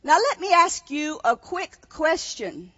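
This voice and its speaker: A woman preaches with a high, bright voice, reading a story aloud and then putting questions to the listeners. Her voice carries a long echo through a large hall. The recording is muffled and dull. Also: very animated, slow. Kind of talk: sermon reading scripture aloud.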